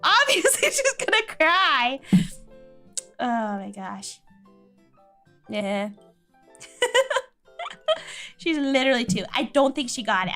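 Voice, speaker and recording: Speaking in a clear, resonant, slightly high voice, a woman streamer tells her viewers a family story in a casual chat. She's animated, laughs a lot, and does voices when quoting relatives.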